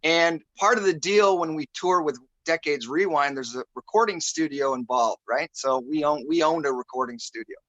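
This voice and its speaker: Bright-voiced man telling a story. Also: on the high side, normal speed, few pauses, dry recording, dull audio. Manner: rambling, searches for words, many fillers. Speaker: guest musician. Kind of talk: casual storytelling.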